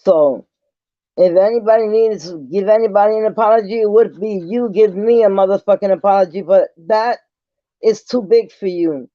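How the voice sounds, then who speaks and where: A man's voice: sits high, normal speed, no room sound. A man vlogging an angry, profane rant straight to the camera, repeating himself as he confronts someone. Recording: dull lo-fi sound.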